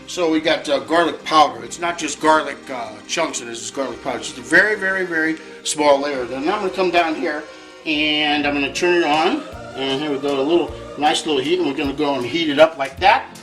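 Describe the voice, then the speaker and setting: A chatty man hosting a home cooking demonstration, his voice sitting a little high for a man. He drops Italian words into his talk as he works. He sounds roomy and echoey in the kitchen, with music playing behind him. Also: a little fast, fairly bright tone. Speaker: cooking show host.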